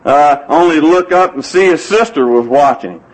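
A man's voice: fairly high pitch, lively intonation, moderate pace, poor audio. A man preaching a sermon, telling folksy stories and quoting scripture. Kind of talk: sermon with anecdotes.

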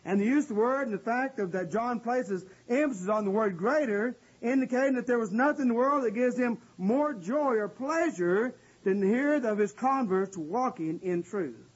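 A man preaching a sermon and explaining scripture in an earnest, conversational way, often pausing with "uh.". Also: extremely high pitch, expressive, slightly rough. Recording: dull lo-fi recording.

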